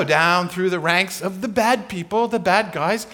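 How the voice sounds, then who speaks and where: A man preaching a sermon, telling a Bible story with animated delivery and acting out the voices of its figures. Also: high voice, moderate pace, few pauses.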